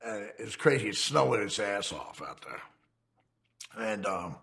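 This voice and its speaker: A man's voice: on the low side, sing-song, takes it slowly, a bit bright. A man, telling a rambling, profane crime story in casual conversation and laughing as he goes. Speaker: ex-convict telling his story.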